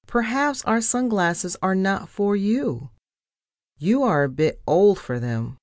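Lady doing a snooty shop clerk mouse, high and condescending, storybook. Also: animated, slow pace, dry recording, studio quality.

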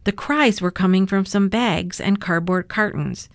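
A woman reading a children's picture book aloud in a gentle, measured way. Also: medium pitch, no room sound. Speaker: storyteller.

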